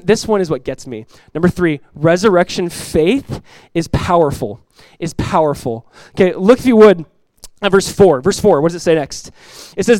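Animated preaching man with a dry sound. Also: high-pitched, no room sound. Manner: animated preaching, acts out quoted voices, laughs. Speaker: pastor. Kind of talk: sermon. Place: church.

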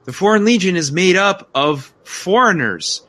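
A man casually chatting about a film with a co-host, enthusiastic and full of quick asides. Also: high-pitched, lively intonation, bright, forceful tone. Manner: enthusiastic, quick asides, slips into quoted voices. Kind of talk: casual film review chat.

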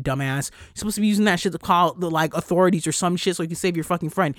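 A podcast host on a fired-up solo rant curses hard, fires off blunt questions, and cuts fast with frequent "like" fillers, sounding heated and profane. The middle-pitched voice is a bit bright, recorded close and dry with no room sound or echo.

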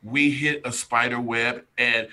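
Bright, animated male storyteller. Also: mid-range voice, measured pace. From United States. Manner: animated storyteller, addresses listeners directly. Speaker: podcast guest, strength coach. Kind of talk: casual chat, storytelling.

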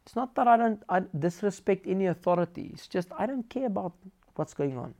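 A man with a South African accent preaching a sermon, telling lively personal stories and mixing Afrikaans words into his English. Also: high-pitched, fairly quick, creaky.

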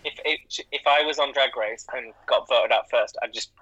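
A man's voice: mid-range voice, normal speed, sharp tone, lo-fi sound. A man co-hosting a podcast in casual chat, chatty and jokey with casual swearing. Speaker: podcast co-host.

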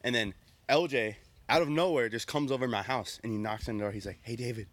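A man's voice: medium pitch, quick pace. A young man casually telling a story among friends, acting out the lines of people in it. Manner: animated, acts out quoted dialogue. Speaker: podcast co-host.

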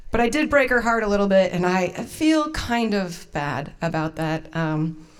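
A woman's voice: mid-range voice, expressive, unhurried, smooth. A young woman telling a funny personal story as host of a storytelling evening. She talks casually in a mid-range voice, mocks herself, and slips into laughter often.

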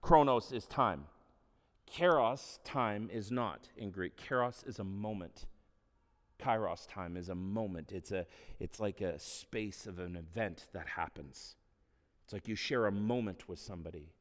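A pastor preaches in a plain, earnest, conversational way and drops in casual asides. He is a man with a somewhat low voice. The sound rings with the long reverb of a church hall. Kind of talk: sermon.

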